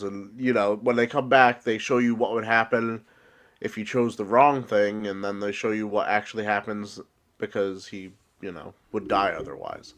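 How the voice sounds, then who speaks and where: A man's voice: fairly low pitch, steady tone, normal speed, fairly bright tone. A congested man hosting a casual podcast, explaining at length as he recaps the episode. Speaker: podcast host.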